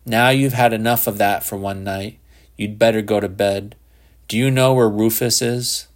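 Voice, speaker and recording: A stern, impatient father lays down the rules in firm, clipped words, as a man reads him. The voice sits low and steady, like a weary parent in an audiobook. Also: moderate pace, close to an everyday voice.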